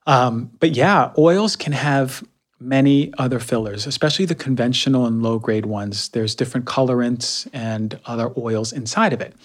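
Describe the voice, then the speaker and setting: A young adult man talking casually while reviewing health products, energetic and conversational, often using fillers and repeating words. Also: mid-range voice, moderate pace. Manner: frequent fillers like um and right. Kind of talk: casual monologue.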